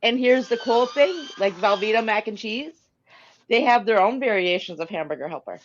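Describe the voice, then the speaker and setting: A woman's voice: mid-range voice, lively intonation, moderate pace, dull audio. A woman co-hosting a radio talk show, upbeat and chatty. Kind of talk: casual chat.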